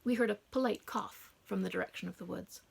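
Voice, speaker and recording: A woman narrating a first-person audiobook in a hushed, dramatic reading. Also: medium pitch, fairly quick, vocal fry, slightly rough.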